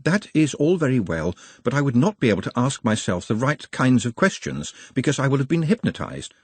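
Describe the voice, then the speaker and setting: Brief: man reading earnest male goblin scholar, formal and careful, husky, dry close recording. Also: medium pitch, big pitch swings, fairly quick, a little mellow, no echo, pitched above the performer's own voice. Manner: precise, formal, hesitant phrasing.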